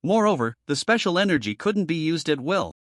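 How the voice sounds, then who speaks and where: A man narrating a fantasy story recap in a steady scripted read, voicing the characters' quoted lines. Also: fairly high pitch, brisk, no room sound, studio quality.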